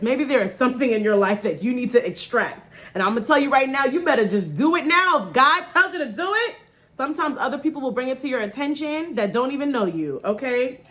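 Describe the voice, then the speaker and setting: Chatty, joking woman in her thirties. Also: a little fast. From New York. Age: 30s. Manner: chatty and joking, lively swings in pitch. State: nervous before a dental procedure. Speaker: vlogger. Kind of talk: casual vlog talk to camera.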